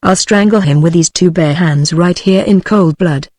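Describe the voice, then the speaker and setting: A British-accented synthetic female voice reading the lines of a flustered naked gentleman hiding in a closet. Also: on the low side, normal speed, dry recording, natural voice. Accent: British English.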